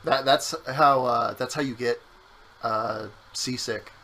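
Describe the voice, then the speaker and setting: Bright-voiced man, joking gameplay streamer. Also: mid-range voice, fairly even intonation, takes it slowly, poor audio. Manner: joking, bursts into silly voices and yelps. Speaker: co-host playing a game on stream. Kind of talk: casual gameplay chat.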